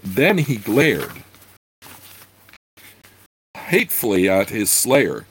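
A man reading a fantasy novel aloud, with unhurried asides full of fillers. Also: on the low side, big pitch swings, fairly bright tone, slight background noise, low-quality recording. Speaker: reader.

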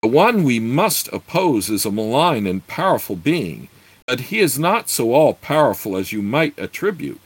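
A man voicing a learned, slightly peevish male druid who speaks in measured archaic phrases. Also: mid-range voice, very animated, husky, dry recording, voice pushed up.

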